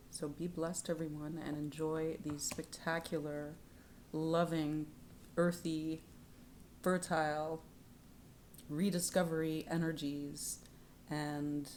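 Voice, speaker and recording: Low-voiced woman giving a tarot reading. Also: a little hiss or hum. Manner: soft-spoken, drifting into whispers; lively and laughing when telling stories. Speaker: tarot reader. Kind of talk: spiritual tarot reading vlog. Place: home in Canada.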